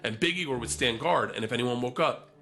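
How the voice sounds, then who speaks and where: A male comedian telling an animated, profane story on stage and acting out other people's lines. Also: mid-range voice, quick pace. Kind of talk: stand-up storytelling.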